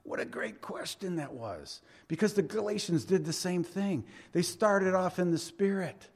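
A middle-aged man preaching a sermon as a pastor, in a conversational way, building up for emphasis and then dropping to soft asides. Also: sits high, animated, normal speed, gravelly, husky.

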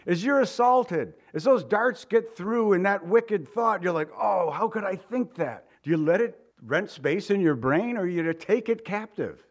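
A man's voice: sits high, expressive, moderate pace, few pauses. A middle-aged man preaching a sermon in a casual, conversational way, joking and chuckling between points. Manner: informal and joking, with chuckles and asides. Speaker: pastor.

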